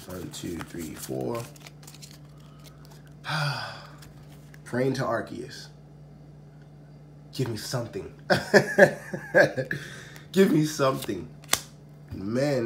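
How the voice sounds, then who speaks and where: A man hosting a casual, unscripted video, talking straight to the camera, often sighing and repeating himself in exasperation. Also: on the low side. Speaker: card-opening video host. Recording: crinkling packaging noise throughout.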